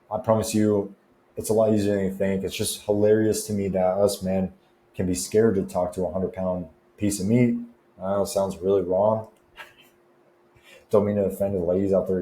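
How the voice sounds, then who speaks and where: A young man with a low, dark-toned voice coaches fitness and confidence in a relaxed, slangy, talkative style. It's a casual advice vlog, recorded in a roomy, echoing space with faint background noise.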